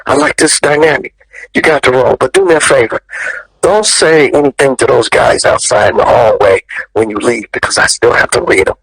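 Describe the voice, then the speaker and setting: A man's voice: mid-range voice, a little fast, a bit bright, breathy edge, dry recording, poor audio. A man putting on a brusque, impatient film director giving clipped orders while retelling a story. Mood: commanding.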